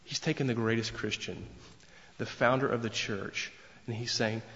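A man's voice: medium pitch, steady tone, normal speed, gravelly, a bit bright. A man preaching a sermon in an earnest, emphatic way, repeating phrases for weight. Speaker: pastor. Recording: long reverb, dull lo-fi sound.

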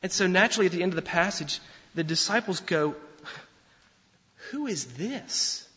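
Male pastor, sermon delivery, lively and conversational, slightly raised pitch, long hall reverb, dull sound. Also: fast talker. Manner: animated, conversational preaching with repeated restarts.

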